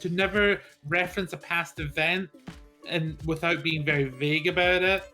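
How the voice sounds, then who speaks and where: A man's voice: fairly high pitch, fairly even intonation, normal speed, sharp tone, soft background music. A man co-streaming a game, chatting casually and picking apart the plot's logic while chuckling often. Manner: critical, picks apart plot logic. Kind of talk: casual chat.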